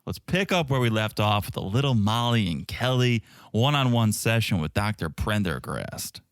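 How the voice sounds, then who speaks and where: A man's voice: fairly low pitch, lively intonation, moderate pace, dry recording, clean studio sound. A man co-hosting a podcast, recapping reality TV in casual, wisecracking chat. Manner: wisecracking, skeptical. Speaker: podcast co-host.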